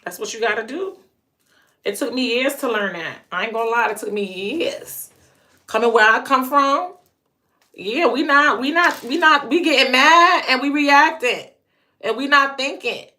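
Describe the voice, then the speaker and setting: A woman with a high-sitting, sharp voice at normal speed hosts her own channel. She tells a personal story in a casual monologue, emphatically repeating phrases to drive her points home.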